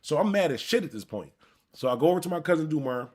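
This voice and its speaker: This Buffalo, New York streamer talks quickly in a fairly high voice. He's animated and profane as he rambles through a personal story, addressing his live audience directly in a casual storytelling mode.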